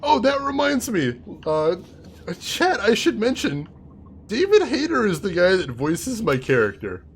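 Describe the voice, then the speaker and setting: A man giving chatty, animated commentary while playing a video game, laughing often. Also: high voice, measured pace, a little hiss or hum. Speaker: gaming streamer. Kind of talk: casual let's-play commentary.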